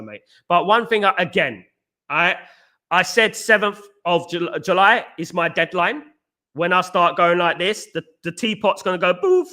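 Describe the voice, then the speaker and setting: A man hosting a live chat show, talking fast and excitedly, often restarting sentences and answering viewers. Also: sits high. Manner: talks fast and excitedly, many restarts, says mate. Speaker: show host reading viewer comments.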